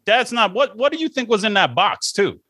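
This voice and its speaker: A joking, irreverent man on a podcast, with a high voice that leaps all over the place. The sound is close and dry. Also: very animated, brisk, sharp tone, husky, no echo. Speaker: podcast co-host. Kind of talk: casual chat.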